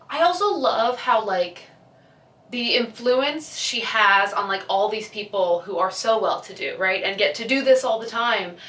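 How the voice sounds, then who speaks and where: A woman's voice: medium pitch, a bit bright. A young woman, chatting casually and gushing as she retells a film, acting out the lines. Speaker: vlogger. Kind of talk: casual chat. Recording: echoey room, a bit far from the mic.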